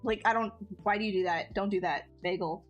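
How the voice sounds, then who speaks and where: A woman's voice: mid-range voice, brisk, dull audio. A woman streamer chatting casually with her viewers, bubbly and talkative, laughing often and restarting her sentences. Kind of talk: casual chat with live chat. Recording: faint music behind.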